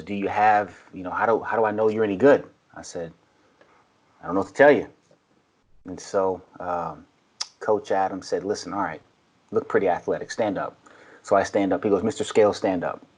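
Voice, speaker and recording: A man's voice: on the low side, slightly rough. A man, a podcast guest, telling stories in casual chat and acting out the people he quotes. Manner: animated storyteller, acts out quotes. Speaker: podcast guest, baseball coach. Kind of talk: casual storytelling.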